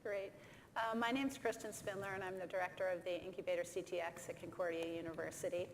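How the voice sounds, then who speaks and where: A woman's voice: on the low side, fairly even intonation, fast. A woman in her forties introducing herself plainly as a panelist. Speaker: incubator director, panelist. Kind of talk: panel discussion. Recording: reverberant hall, faint room noise.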